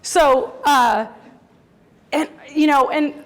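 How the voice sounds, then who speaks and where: A high-pitched woman in her forties shares a candid story about her own family. She gets emotional and laughs through tears while acting out the voices of the people in it. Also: drawn-out words. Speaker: mother telling a personal story.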